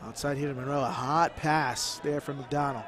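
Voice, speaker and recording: A man's voice: medium pitch, steady tone, normal speed. Male play-by-play caller over crowd noise. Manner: calls the action in short bursts, rising with scores. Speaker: play-by-play commentator. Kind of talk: play-by-play sports commentary.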